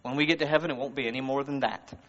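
A man with a Southern US accent preaching a conversational sermon, swinging between loud emphasis and hushed words. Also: medium pitch, steady tone, rapid-fire. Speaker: guest speaker. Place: church service. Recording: muffled reverberant hall recording.

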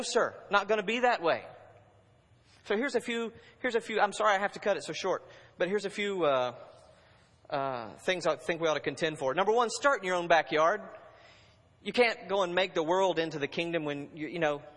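A male pastor delivers an animated sermon and urges his congregation on. His voice sits a little high, and it swings from loud exhortation to quiet, hushed asides. A long reverb from a large hall hangs behind every phrase.

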